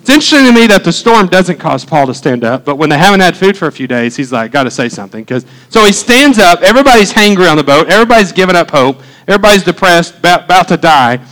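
High-voiced pastor preaching with humor. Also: male voice, very animated, fast talker, few pauses, fairly bright tone, rough recording. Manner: humorous, conversational preaching, acting out quotes. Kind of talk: sermon.

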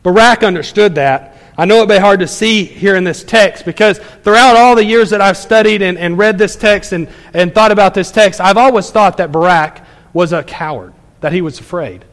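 A man preaching a sermon as pastor, animated, acting out people's replies in quick asides. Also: high voice, long reverb tail.

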